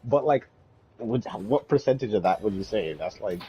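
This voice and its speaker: A man's voice: fairly low pitch, animated, normal speed, warm tone, slight background noise. Slangy, laughing male streamer. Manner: laid-back, slangy, laughs often. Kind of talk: casual chat on a game stream.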